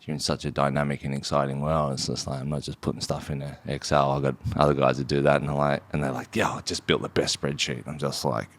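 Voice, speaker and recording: A man with an Australian accent, a company founder chatting casually on a podcast in an animated, sweary, rambling way. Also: rumbling low, quick pace, few pauses.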